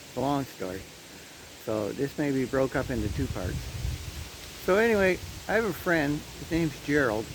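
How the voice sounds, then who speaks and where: A man from Canada telling a personal story in a casual, chatty vlog, laughing at his own tale, recorded outdoors in the wind. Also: mid-range voice. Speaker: vlogger. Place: outdoors on a windy day. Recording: light wind noise outdoors.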